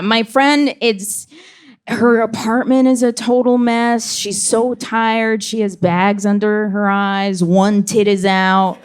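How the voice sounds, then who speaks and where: A young woman performing a stand-up comedy set on a club stage, delivering deadpan punchlines and slipping into quick voices for the characters in her stories. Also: mid-range voice. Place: comedy club stage before a live audience.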